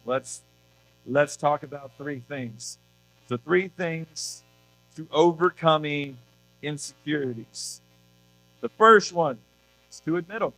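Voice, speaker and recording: Casual youth pastor man, slightly high voice. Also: slow, long pauses, pushed and bright, soft background music, poor audio. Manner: casual, conversational, asks rhetorical questions. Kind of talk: youth sermon. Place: church youth service.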